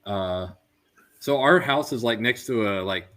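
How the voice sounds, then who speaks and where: Laughing, animated male podcast host. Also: mid-range voice. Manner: animated storyteller, quick to laugh, many "like" fillers. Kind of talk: casual chat.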